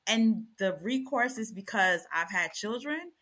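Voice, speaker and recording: A woman's voice: mid-range voice, lively intonation, measured pace, fairly bright tone. A middle-aged woman on a panel, telling her story bluntly and animatedly with plenty of profanity. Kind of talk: candid panel chat.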